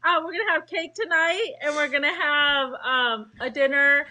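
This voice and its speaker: A woman's voice: sits high, normal speed, bright, forceful tone. A woman calling in on her birthday, chatting in a rambling, upbeat way. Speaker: caller celebrating her birthday. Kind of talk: casual chat.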